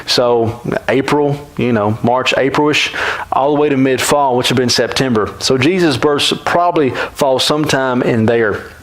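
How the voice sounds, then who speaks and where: A man's voice: medium pitch, fairly bright tone, low-quality recording. A man teaching a Bible class in a church classroom, talking conversationally and often checking in with the class by asking "right?".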